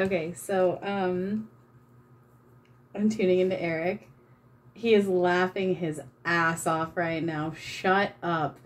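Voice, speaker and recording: A woman chatting casually while she paints, self-mocking and embarrassed, giggling and swearing freely. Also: lowish voice. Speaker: channeler and vlogger.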